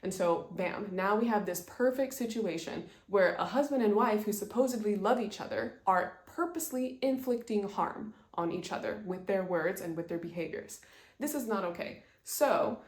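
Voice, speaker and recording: A woman's voice: mid-range voice, moderate pace. A woman presenting an instructional talk, earnestly explaining ideas through example stories. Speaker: presenter teaching communication skills. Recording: echoey room.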